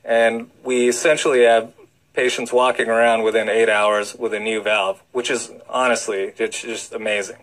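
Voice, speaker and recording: A man's voice: on the low side, level tone, moderate pace, fairly bright tone, rough recording. A man, a heart doctor, talking enthusiastically as a guest on a radio interview, full of fillers and restarts. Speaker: cardiologist guest.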